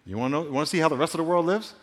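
A man preaching a sermon, telling animated stories and cracking playful jokes to his congregation. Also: fairly high pitch, racing. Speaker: pastor. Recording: long hall reverb.

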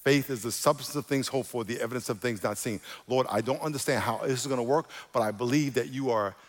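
A male pastor preaching, animated, moving between quiet asides and loud emphatic calls to the congregation. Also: mid-range voice, fast. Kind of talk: sermon. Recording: reverberant church hall.

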